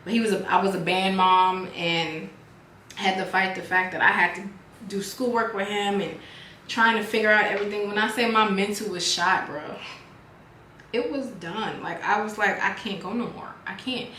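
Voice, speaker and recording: A beauty vlogger and business owner works on her makeup while casually chatting with viewers, lively and friendly as though talking to pals. Her pitch is medium and her speed normal. The recording has slight background noise, an echoey room, and faint music.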